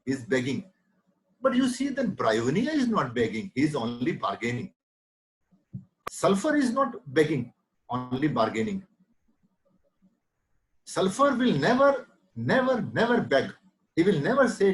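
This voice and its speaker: A man's voice: on the high side, big pitch swings, moderate pace, pauses often, low-quality recording. A middle-aged man with an Indian English accent, teaching a homeopathy lecture with emphatic repetition. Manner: emphatic, repeats key words, acts out patient quotes.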